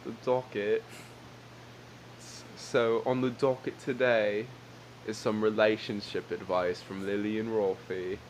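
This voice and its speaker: A young man co-hosts a casual podcast in a low voice, jokey and rambling, often laughing at his own bits. A faint hiss runs behind him. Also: flat delivery, a little slow, poor audio. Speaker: podcast co-host. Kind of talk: casual chat.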